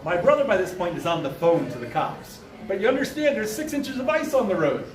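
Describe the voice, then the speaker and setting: Fifties male storyteller, animated comic delivery, high and slow, roomy live room. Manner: animated, comic, lots of sound effects. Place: bar event space. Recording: roomy live sound from far off.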